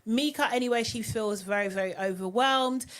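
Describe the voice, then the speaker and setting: A woman hosting a live reality TV recap, talking in an animated, outspoken way. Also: on the high side, normal speed. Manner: animated and outspoken, often mocking voices. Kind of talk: live recap and review chat.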